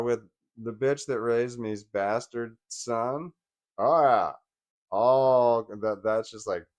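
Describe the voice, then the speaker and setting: With a smooth, fairly low-pitched voice, a man vlogs a casual personal monologue. He's agitated and venting, swearing often, rambling, restarting frequently, and laughing in bursts.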